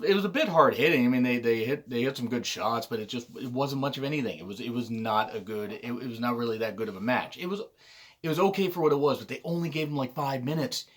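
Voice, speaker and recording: A man giving a blunt, sardonic wrestling review in a casual monologue, swearing often and clearing his throat now and then. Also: mid-range voice.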